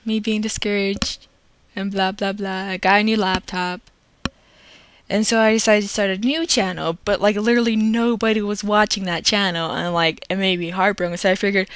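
A woman's voice: medium pitch, fairly even intonation, fairly quick, fairly bright tone. A young woman in a casual vlog, rambling and correcting herself as she explains her long absence, recorded on a laptop microphone. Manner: rambling and self-correcting, with many fillers. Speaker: let's play creator.

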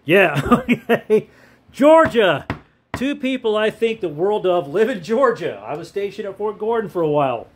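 A man's voice: sits high, very animated, moderate pace, slight background noise. An older man, a veteran, giving casual commentary while marking up a map, chatty with rhetorical questions and chuckles.

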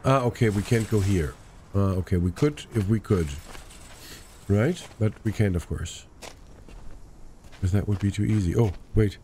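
Brief: male gamer, chatty casual commentary, lowish mellow voice. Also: a little hiss or hum. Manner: chatty, muttering to himself, quick asides. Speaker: let's play gamer.

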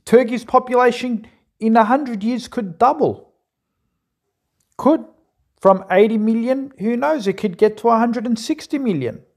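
A man commentating on a clip, pausing it to argue his points earnestly and repeating himself for emphasis. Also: very high-pitched. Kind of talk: reaction commentary.

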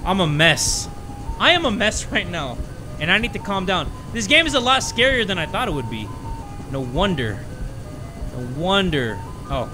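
Young male gaming host, high lively voice, joking, turns nervous; game music behind. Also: moderate pace. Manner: jokey and excitable, drops to nervous mutters when scared. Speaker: gaming YouTuber. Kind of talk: casual horror game commentary.

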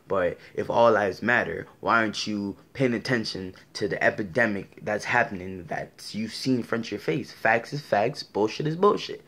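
Low, gravelly man ranting with passion. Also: fairly bright tone. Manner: passionate, argumentative, keeps asking rhetorical questions. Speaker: commentator giving his opinion. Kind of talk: impassioned opinion monologue.

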